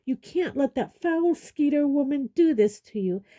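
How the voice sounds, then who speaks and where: A woman voicing a fierce, determined teenage girl, brisk and indignant, in an audiobook. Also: on the high side, dark tone, natural voice. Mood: shouting. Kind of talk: audiobook character voice.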